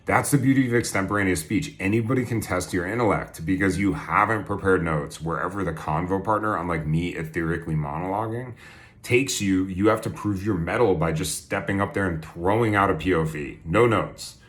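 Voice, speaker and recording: A deep-voiced man rambles into his phone camera from a bathtub. He drifts from thought to thought with a jokey, offhand tone, full of "um"s and half-finished restarts. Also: fairly quick. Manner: meandering, jokey, many "um"s and restarts. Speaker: vlogger. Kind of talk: rambling stream-of-consciousness monologue.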